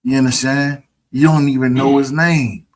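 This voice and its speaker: Steady in tone and moderate in pace, a mid-range male voice leads a streamed scripture lesson. The teaching is preachy and mocking, and he often stops to ask listeners, "you understand?"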